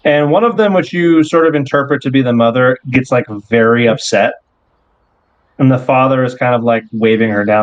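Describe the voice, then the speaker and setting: A man runs a tabletop game, narrating in a loose, unhurried way full of "like" and small restarts. His voice sits in a middle pitch. The recording is dry and somewhat dull. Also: no echo. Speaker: game master.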